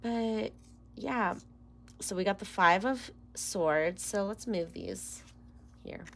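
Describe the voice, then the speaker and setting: A woman's voice: mid-range voice, takes it slowly, vocal fry, a bit bright. A woman doing a casual tarot reading to camera, emotional and close to tears, rambling and dropping into whispers. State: near tears. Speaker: tarot reader.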